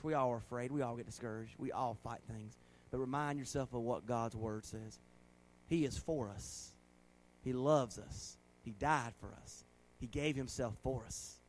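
A man, a pastor preaching a sermon and leading a prayer, swinging between loud exhortation and soft, earnest prayer. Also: mid-range voice.

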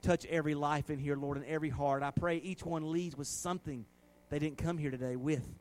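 A fervent male pastor, his voice pitched a little high, preaching to his church. He swings between loud, ringing exhortation and hushed, earnest prayer. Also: steady tone, fairly quick. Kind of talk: sermon and closing prayer.

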